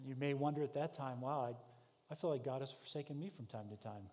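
A man preaching a sermon, telling a vivid story in the second person, rising to shouts and dropping to hushed tones. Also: medium pitch, steady tone, fast talker. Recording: long hall reverb.

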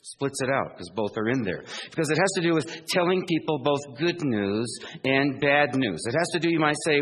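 A male pastor preaching an earnest sermon. He swings between emphatic peaks and hushed asides, and slows down to spell out key words. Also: medium pitch, very animated, slightly rough, in a large hall.

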